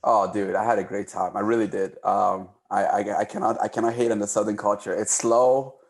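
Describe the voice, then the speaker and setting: A man from Cameroon, a podcast guest telling casual stories in an animated way, often repeating words. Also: fairly low pitch, fairly quick, creaky. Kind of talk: casual storytelling.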